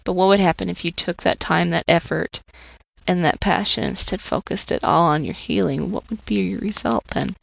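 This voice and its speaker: Woman doing a soft-spoken loving divine voice, quiet and gentle, dry recording. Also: lowish voice, normal speed, vocal fry, no room sound. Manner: soft, tender and calm. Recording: slightly muffled dry recording.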